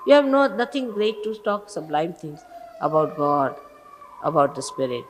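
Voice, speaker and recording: A woman's voice: low voice, sing-song, moderate pace. Woman scolding followers in an echoing hall. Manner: scolding, admonishing, emphatic. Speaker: spiritual teacher. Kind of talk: sermon to followers. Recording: old archival recording with long reverb and faint hiss.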